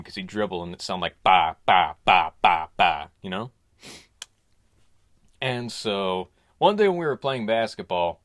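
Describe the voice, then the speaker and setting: Deadpan low-voiced male comic storyteller. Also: dry recording, studio quality. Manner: deadpan, rambling, crude asides. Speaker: comedian.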